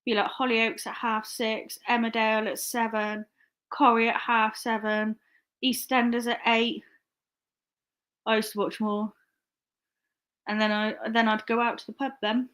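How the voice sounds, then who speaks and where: A woman's voice: on the high side, flat delivery, unhurried, pauses often, fairly bright tone. A young woman chatting casually on a live stream. She rambles, laughs often and swears freely. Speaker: online reseller live-streaming.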